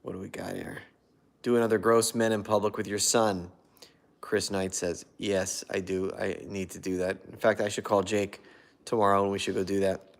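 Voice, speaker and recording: A man's voice: sits low, little pitch movement, moderate pace, gravelly. A man hosting a casual live stream on his phone, chatting and reading viewer comments aloud. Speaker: prank video host.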